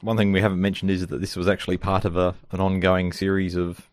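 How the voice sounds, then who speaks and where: Deep-voiced male podcast co-host, relaxed and musing, recorded dry. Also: fast, no echo. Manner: laid-back, thinking aloud. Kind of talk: casual chat.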